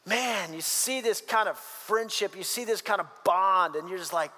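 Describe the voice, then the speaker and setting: A man preaching a sermon, reading scripture and acting out the voices of the story with animated, casual asides. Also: sits high, normal speed, in a large hall. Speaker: pastor.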